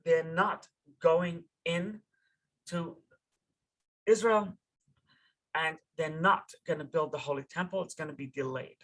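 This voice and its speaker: Husky guy giving a casual torah class, informal, lots of restarts, slangy now and then. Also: on the high side, steady tone, slow, pauses often, a bit bright, low-quality recording. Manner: conversational, keeps asking "right?", repeats and restarts words. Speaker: rabbi teaching a Torah class.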